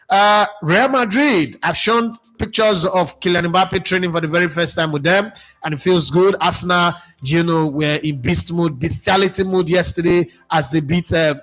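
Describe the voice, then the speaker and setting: A man's voice: fairly high pitch, pushed and bright. A man hosting a casual live football talk show, reading viewer comments with sarcastic, chatty asides and many fillers. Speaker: sports talk host.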